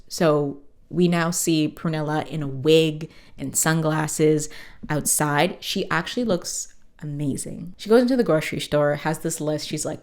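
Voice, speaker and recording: A woman's voice: low-pitched, unhurried, darkish tone. A woman podcast host giving a casual episode recap and chat, swearing freely with lots of fillers.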